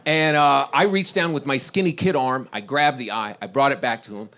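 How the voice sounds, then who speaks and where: A man's voice: mid-range voice, normal speed, fairly bright tone. A middle-aged man from Washington, D.C., doing stand-up, rambling through stories and laughing at his own lines. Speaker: stand-up comedian. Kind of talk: stand-up set.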